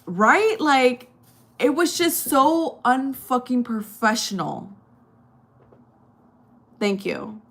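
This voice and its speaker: A woman born in Chile and raised in the United States, telling a casual story with lots of fillers and swearing. She rises higher and louder when outraged. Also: expressive, slow. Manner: rambling, profane, lots of fillers; gets loud and high when outraged. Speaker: storytime vlogger.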